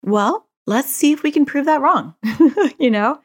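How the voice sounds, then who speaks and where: A woman's voice: high-pitched, animated, unhurried. A woman speaking as a parent educator, explaining a therapy approach in an earnest way, working through concrete examples and repeating her key phrases. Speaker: parent educator on child anxiety.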